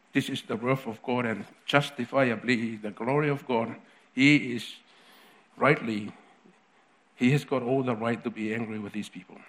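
Male preacher, mid-range voice, chatty sermon delivery full of restarts and asides. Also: mid-range voice. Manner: conversational, with frequent restarts and asides.

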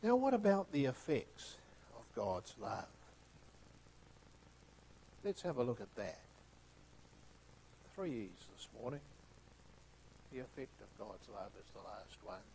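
A man preaching a sermon with emphatic delivery that swings between hushed, soft phrases and loud, stressed ones. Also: medium pitch, big pitch swings, slow, gravelly, long pauses, a little hiss or hum, poor audio.

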